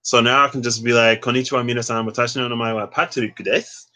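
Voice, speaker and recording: A man's voice: medium pitch, fairly even intonation, fast talker, bright, forceful tone. A young man reading tarot casually for a vlog, rambling and digressing with plenty of fillers. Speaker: tarot reader.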